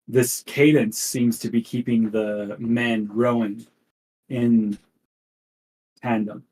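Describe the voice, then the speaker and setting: A man narrating a tabletop game as game master, setting the scene in a deliberate, descriptive way. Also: medium pitch, flat delivery, a little mellow, poor audio.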